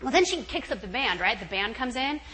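A woman guest speaker tells a story at a retreat, chatty and animated. Her voice sits fairly high and sounds bright and forceful. She peppers her talk with casual asides to the listeners. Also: a little fast, poor audio. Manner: animated, chatty, fillers like "you know" and "right".

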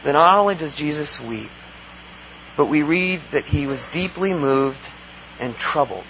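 A man's voice: fairly high pitch, lively intonation, a little slow, a bit bright. A man preaching a conversational sermon, earnest, asking rhetorical questions and acting out quotes. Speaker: pastor. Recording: dull lo-fi recording with faint hum.

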